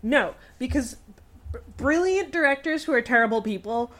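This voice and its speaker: A woman's voice: high-pitched, animated, moderate pace, fairly bright tone. A woman co-hosting a casual podcast chat, giving her opinions emphatically and with some laughter. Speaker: podcast co-host.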